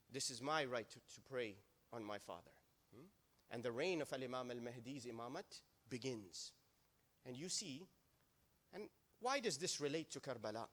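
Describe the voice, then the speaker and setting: An impassioned male preacher delivering a sermon in a mosque. His voice sits a little high for a man. He swings between raised, urgent passages and hushed, grave ones.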